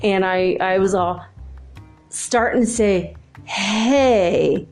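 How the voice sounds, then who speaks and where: A woman's voice: mid-range voice, extremely slow. A middle-aged woman casually telling a personal story, laughing often and acting out the dialogue. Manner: animated, laughing, acts out dialogue. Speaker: channel host. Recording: faint music behind.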